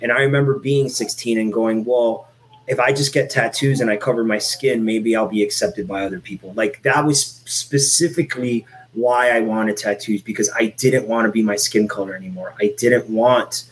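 A man in his forties from Miami speaks in a relaxed, conversational way. His talk is candid and wandering, full of fillers and restarts, with casual swearing. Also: fairly low pitch, moderate pace, low-quality recording. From Miami, Florida. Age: 40s. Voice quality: lots of filler and restarts, "like" and "you know". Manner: candid, rambling, swears freely. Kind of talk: casual chat.

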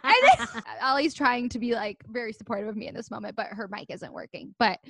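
A woman tells a story in a casual chat, animated and full of fillers. Her voice sits a little high. The sound is dry and close. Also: quick pace, creaky, breathy edge, dry recording. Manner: animated storytelling, many fillers, laughs often.

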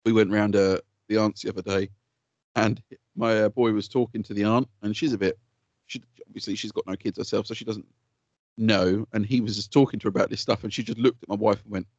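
Bloke rattling off stories quick, lots of swearing, dry dull sound. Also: male voice, lowish voice, no room sound. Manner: swears freely, animated storytelling with put-on quotes. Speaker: podcast co-host. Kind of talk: casual chat.

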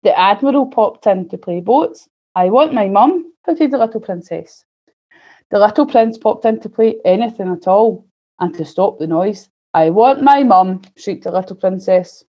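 A woman presenting a children's session and reading a storybook aloud in a clear, gently expressive manner. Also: mid-range voice, dull audio. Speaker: early years student presenter.

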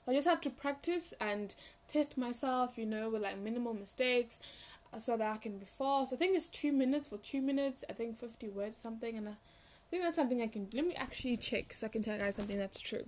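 A young woman telling a rambling, animated story in a casual vlog, full of fillers and restarts. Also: fairly high pitch, fast talker. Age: young adult. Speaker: vlogger.

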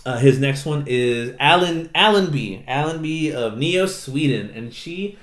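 A young man with a slightly high voice rambles through an anime recap, swearing freely and stumbling over his words. The sound carries a roomy echo. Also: lively intonation, measured pace, a bit bright. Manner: profane, rambling, acts out characters' lines. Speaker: podcast co-host. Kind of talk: casual chat recapping an anime.

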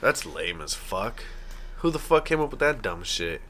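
A man's voice: lowish voice, very animated, moderate pace, pushed and bright, a little hiss or hum. A man co-hosting a podcast, casual and crude, teasing his co-host and joking around. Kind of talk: casual banter.

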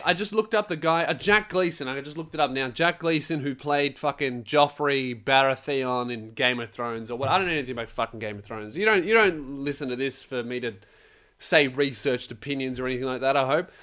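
A young man hosting a podcast, telling stories in a profane, animated comic rant. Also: a little high. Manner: profane, animated storytelling with laughs. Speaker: podcast host. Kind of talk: casual comedic rant.

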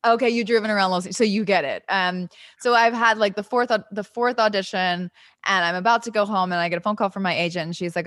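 A woman who acts for a living tells a story as a guest on a video call. She is lively and talks fast, moving from one thought to the next. Her voice sits in a middle range, and the sound is dry and close. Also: medium pitch, dry recording. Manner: animated storyteller, quick and chatty. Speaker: actress and guest. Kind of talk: casual interview over video call.

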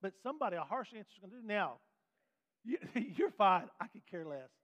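A man's voice: sits high, brisk. Folksy man teaching a Bible lesson. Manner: folksy, animated, asks the class questions. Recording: dull sound with long hall reverb.

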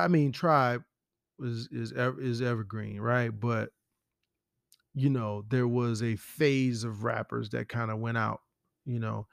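Man, gravelly voice, casual profane rambling, dry close sound. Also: mid-range voice, no room sound. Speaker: podcast host. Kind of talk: casual solo commentary.

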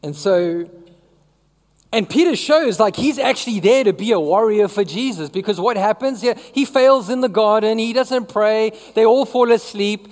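A woman's voice: a little high, normal speed, a little mellow, long reverb tail. A woman preaching a sermon in a conversational way, often asking the congregation questions.

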